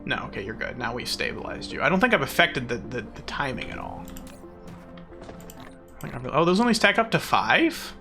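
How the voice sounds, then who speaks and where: A young male streamer chattering through a game in a rambling, self-mocking way, his pitch leaping around in a lively, animated sweep. The tone is bright with a gravelly fry underneath, over faint music and keyboard clicks. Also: moderate pace. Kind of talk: casual gameplay chatter.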